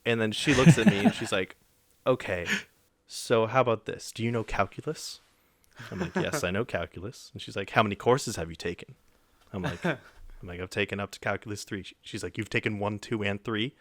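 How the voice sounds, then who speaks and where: A young man on the low side of pitch, talking a little fast, retells a story on a podcast where he is co-host. He animates it by acting out quoted voices and throws in mild swearing. The recording is dry.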